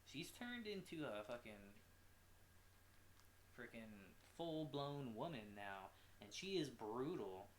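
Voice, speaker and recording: A man giving a casual, animated recap of a show episode as a reviewer, with swearing and quick asides. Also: medium pitch, echoey room, slight background noise. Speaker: anime reviewer.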